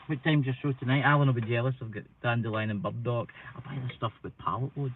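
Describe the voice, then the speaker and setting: A man's voice: medium pitch, fairly even intonation, fairly quick, hardly any pauses, no room sound. A Scottish man chatting casually on a live stream, rambling and self-deprecating, a bit stuffy with hay fever. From Scotland. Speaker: paranormal channel live streamer. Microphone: computer mic. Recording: tinny phone-like sound, dry.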